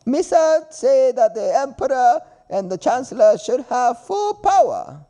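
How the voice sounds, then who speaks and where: A man's voice: very high voice, sing-song, unhurried, dark tone, pitched above the performer's own voice, full character voice. A man voicing a clumsy, goofy male alien creature who talks in broken, silly phrases. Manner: broken silly talk, dim-witted.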